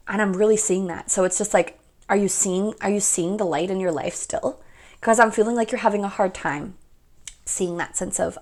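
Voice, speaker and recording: A woman's voice: medium pitch, a little mellow. A young woman giving a casual pick-a-card tarot reading, chatty and rambling, often laughing at herself.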